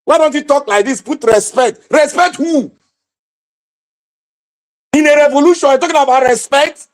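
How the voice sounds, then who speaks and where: A Nigerian man with a strikingly high-pitched voice, hosting a livestream and speaking straight to his viewers. He rants in a fervent, preachy way, breaking into loud shouts. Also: normal speed. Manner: impassioned, preachy ranting with shouted outbursts. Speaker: livestream host. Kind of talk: livestream commentary.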